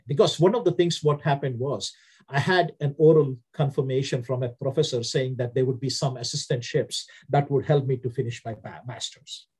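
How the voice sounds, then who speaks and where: A man's voice: medium pitch, darkish tone, slightly rough. A man from India with an Indian accent, telling his story earnestly as an interview guest.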